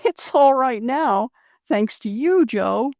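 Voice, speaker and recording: A spirited young shop girl from an old storybook, put on by a woman reading aloud. Her voice sits high and bright, with a breathless, rising lilt. It is a dry, close recording. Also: expressive, slow, no echo, full character voice. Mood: eager.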